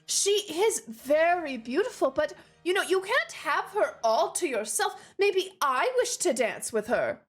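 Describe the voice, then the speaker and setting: Brief: a woman playing a sly noble lady for a tabletop game, high, sarcastic and sweet. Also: very animated, a little slow, few pauses, faint music behind. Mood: mocking. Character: sly, haughty noblewoman at a ball.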